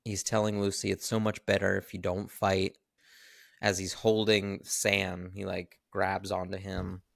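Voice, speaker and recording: A man co-hosting a podcast, recapping a film in animated casual chat and swearing freely. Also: sits low, measured pace, vocal fry, dry recording, clean studio sound. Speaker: podcast co-host.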